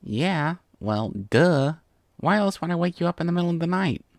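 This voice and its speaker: A man's voice: fairly high pitch, animated, moderate pace, dry recording, pitched above the performer's own voice. A man voicing a brash tomboyish young female pegasus pony who coaxes and pleads, from a storybook reading. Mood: cocky coaxing. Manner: cocky, pleading, wheedling.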